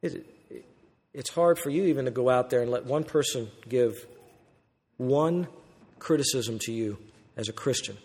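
A man preaching a sermon as pastor, asking rhetorical questions and acting out quoted voices with lively swings from loud to hushed. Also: medium pitch, normal speed, pauses often, breathy edge. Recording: long reverb of a church hall.

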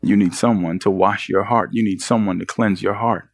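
A man's voice: fairly low pitch, steady tone, moderate pace, creaky, husky, dry recording, studio quality. A man preaching a sermon as pastor, pressing the congregation with earnest rhetorical questions.

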